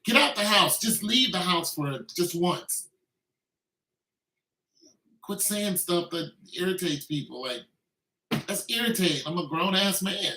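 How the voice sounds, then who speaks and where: A man's voice: high-pitched, expressive, a little slow, pushed and bright. Man in his fifties, roomy distant sound. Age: 50s. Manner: rambling, grumbling, trails off mid-sentence. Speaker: beatmaker. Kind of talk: casual rambling chat. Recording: roomy, distant mic with music behind. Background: beat music playing.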